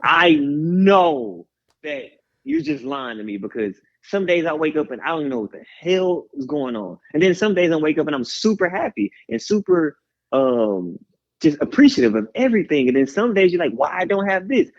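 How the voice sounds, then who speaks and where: The guest musician, from Houston, Texas, is lively and animated, rambling like a hype man during an open interview. His voice is gravelly and fairly high, and his speed is normal. The sound is lo-fi and slightly dull, like radio.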